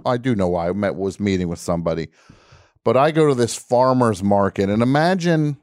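A male radio host with a lowish voice launches into a comedic, grumbling rant. He spins the story with exasperated mock outrage, keeping it loose and conversational. The studio sound is dry and close to the mic. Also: darkish tone, no room sound. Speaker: radio call-in show host.

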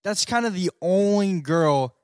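A young man with a slightly high voice chats easily on a podcast. He sounds laid-back and teasing. The sound is dry and close to the mic. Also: lively intonation, a little slow, clear, resonant tone, no room sound. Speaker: podcast co-host. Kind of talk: casual chat.

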